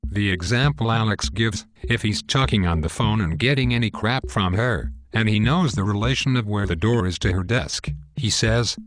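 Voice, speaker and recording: A man giving a calm, matter-of-fact instructional monologue, explaining steps one by one. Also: on the low side, normal speed, hardly any pauses.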